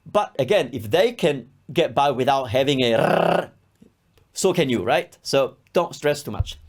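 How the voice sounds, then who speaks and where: A man's voice: mid-range voice, expressive, moderate pace. A man from Italy, teaching a language lesson and patiently repeating syllables for the learner. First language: Italian. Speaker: Italian teacher.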